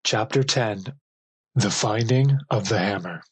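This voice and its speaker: A man reads an audiobook of legends in slow, measured phrases. His voice is lowish and husky, recorded dry and close. The pace is unhurried and deliberate throughout. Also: fairly even intonation, no room sound, poor audio. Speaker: audiobook narrator. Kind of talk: scripted storybook narration.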